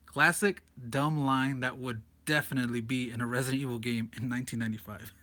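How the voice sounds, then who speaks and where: A man reviewing a comic casually, reading panels aloud, laughing often, wired and energetic. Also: mid-range voice, a little fast.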